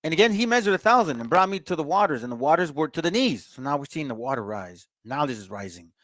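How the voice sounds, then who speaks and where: A laid-back man leading a casual Bible study, reading verses aloud and then unpacking them in plain talk for his listeners, whom he calls family. His voice sits a little high. The sound is close and dry. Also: sing-song, fast, fairly bright tone, no echo. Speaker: Bible teacher.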